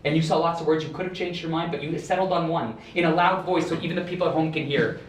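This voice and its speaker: A young man performing a magic act for a live audience, playful and showy, rising to excited shouts. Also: fairly high pitch, fast talker, slight background noise. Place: residential building elevator lobby. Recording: echoey room, heard from a distance.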